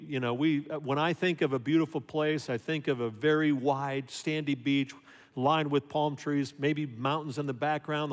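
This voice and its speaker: Animated preaching man in a reverberant hall. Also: on the high side. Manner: conversational, animated, rhetorical questions. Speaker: pastor. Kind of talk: sermon.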